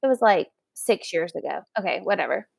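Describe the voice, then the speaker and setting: A woman in her thirties casually telling a dating story, animated and acting out the other voices. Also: lowish voice, a little fast, vocal fry, breathy edge, no room sound.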